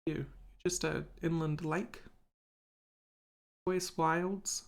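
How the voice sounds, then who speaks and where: A woman's voice: sits low, steady tone, very slow, creaky. A woman streaming a game live, chatting casually and thinking aloud to her viewers.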